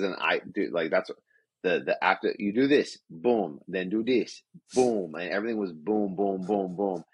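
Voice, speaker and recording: A man's voice: low voice, breathy edge, no echo. A young man hosting a casual podcast, rambling and profane. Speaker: podcast host.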